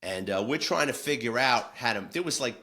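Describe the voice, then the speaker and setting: A man's voice: medium pitch, animated, fairly quick, sharp tone. A man, a former police detective telling war stories in a casual, blunt, salty way with frequent restarts. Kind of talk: casual storytelling.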